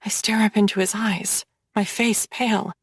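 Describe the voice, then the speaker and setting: A woman reading a dark romance audiobook in first person, with dramatic storytelling. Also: mid-range voice, steady tone, normal speed, slightly rough, no echo, clean studio sound. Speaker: audiobook narrator.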